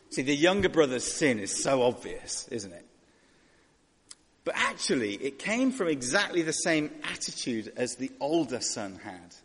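A man's voice: medium pitch, very animated, moderate pace, fairly bright tone, husky, long reverb tail. A man preaching a sermon in a conversational way, asking rhetorical questions and voicing characters.

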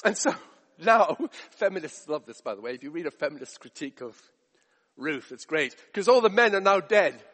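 A man's voice: on the high side, very animated, normal speed, fairly bright tone, in a large hall. A man preaching a sermon, emphatic with rhetorical questions and repetition.

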